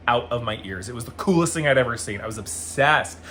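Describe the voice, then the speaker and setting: A man telling stories casually in a vlog, animated and full of "like" fillers. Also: mid-range voice, racing, few pauses, a little hiss or hum. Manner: animated, acts out quoted voices, frequent "like" fillers. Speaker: vlogger.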